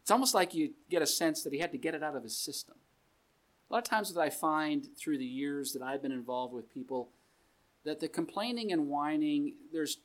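Conversational male preacher reading scripture in a meeting room, easy joking tone. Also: a little high. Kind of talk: sermon.

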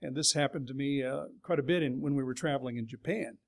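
A man's voice: mid-range voice, fast talker, gravelly. A middle-aged man from California giving a sermon in a folksy, conversational storytelling way. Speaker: preacher.

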